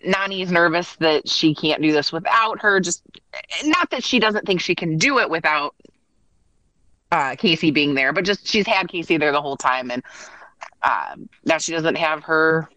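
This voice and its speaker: A woman chatting casually as a podcast co-host, talking in quick bursts with plenty of "like" and acting out what others said. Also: low voice, expressive, pushed and bright, no echo, low-quality recording. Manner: chatty, lots of "like" and restarts, acts out quotes. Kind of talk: casual chat recapping a reality show.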